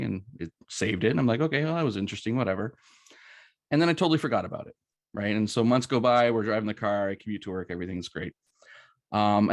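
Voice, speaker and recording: A man's voice: fairly low pitch, no room sound, clean studio sound. A middle-aged man from Canada giving a casual, chatty presentation full of ums and asides. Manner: chatty, anecdotal, many ums and rights.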